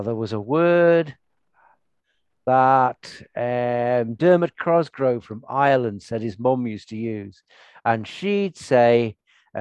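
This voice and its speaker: A man's voice: medium pitch, a little mellow, no echo. An older man hosting a podcast in casual chat, rambling with restarts and laughing often. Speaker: podcast host.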